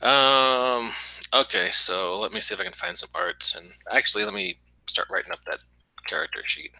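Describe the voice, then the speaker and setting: A man playing in a tabletop game, chatting casually and thinking aloud with hesitant pauses. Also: medium pitch, very animated, creaky, bright, forceful tone, no echo, poor audio. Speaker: player. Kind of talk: casual tabletop podcast chat.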